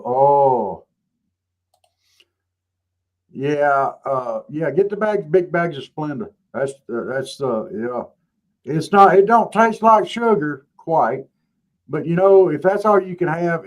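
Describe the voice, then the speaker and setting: A man in his fifties speaks with a drawl, pitched a little high and swinging his voice up and down with lots of life. He co-hosts in an easygoing way, telling jokey stories at a relaxed clip. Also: slow pace, pauses often, rough recording. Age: 50s. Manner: laid-back joking storyteller. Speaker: show co-host. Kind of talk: casual chat.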